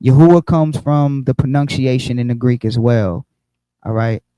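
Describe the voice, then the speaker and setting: A man leads an online Bible study from a computer mic. His voice is dark and mellow, recorded dry and close, and he explains in a loose, repetitive way, often restarting his words. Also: mid-range voice, moderate pace, clean tone, dry recording, low-quality recording. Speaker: Bible teacher.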